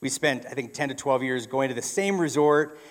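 A man's voice: medium pitch, moderate pace. A man preaching a sermon in a church, telling a story in a conversational way with frequent restarts. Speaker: pastor.

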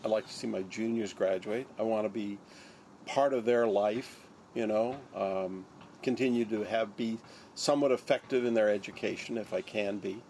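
Older guy telling his story in an interview, gravelly, acts out what others said. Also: fairly low pitch, normal speed, darkish tone, slight background noise. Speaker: interviewee, neurosurgeon.

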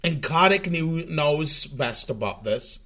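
A male streamer whose voice sits a little high. He rants casually and profanely, tripping over restarts and repeating himself as he goes. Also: animated, slow pace, pushed and bright. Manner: profane, rambling, stumbling restarts. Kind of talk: casual ranting stream talk.

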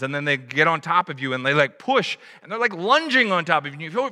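A man preaching a sermon as pastor, animated, acting out little scenes from everyday life. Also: on the high side, fast, few pauses, big-room sound.

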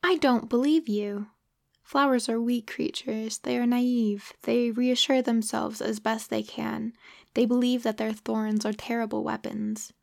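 A woman's voice: a little high, slow pace, vocal fry. A woman voicing an earnest, persistent little boy prince from a tiny planet in a storybook reading, asking questions insistently. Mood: indignant.

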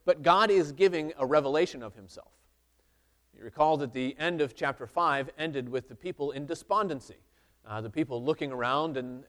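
A man preaching an expository sermon, reading scripture aloud and explaining it earnestly, with frequent restarts. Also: fairly high pitch. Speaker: pastor.

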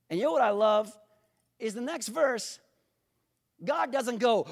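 A male pastor preaching a sermon, speaking directly to his congregation and building to impassioned, near-shouted emphasis. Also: very high voice, expressive, a little slow, vocal fry, pauses often. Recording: long hall reverb.

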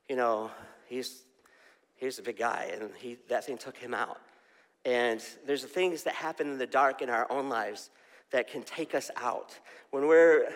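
A man's voice: fairly high pitch, a bit bright. A man preaching a casual, story-driven sermon, often asking the crowd questions. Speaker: pastor. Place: church hall. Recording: long hall reverb.

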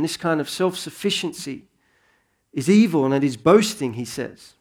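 A man in his thirties preaching a sermon in a relaxed, conversational way that rises into earnest emphasis. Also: a little high, normal speed. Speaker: pastor.

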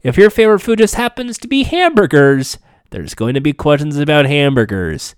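Male podcast host, casual chat, swears a lot, lively swooping pitch, dry sound. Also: moderate pace, clean tone, dry recording. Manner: candid, sarcastic, swears freely.

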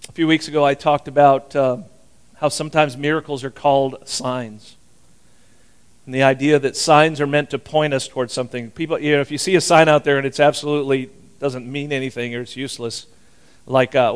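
A man's voice: mid-range voice, clear, resonant tone. An older man preaching a sermon as pastor, folksy and rambling, chuckling often as he talks.

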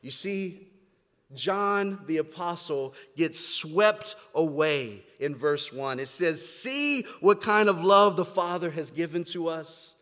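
A man's voice: fairly high pitch, lively intonation, slow. Preaching man echoing through a hall. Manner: earnest preaching that swings between quiet reflection and loud emphatic declaration. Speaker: pastor. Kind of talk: sermon. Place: church sanctuary, standing before a congregation.

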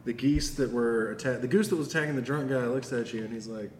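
Laughing game master in an echoey room. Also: male voice, mid-range voice, fast talker, darkish tone. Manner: laughs often, loose and playful. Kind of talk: narrating a tabletop game. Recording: echoey room with long reverb, faint background noise.

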